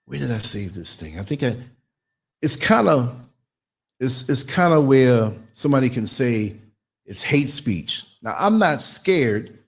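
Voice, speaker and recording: A man's voice: medium pitch, very animated, unhurried, gravelly, slightly rough. A man hosting a solo podcast, talking bluntly and preachily and acting out the voices of the people he quotes. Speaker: podcast host.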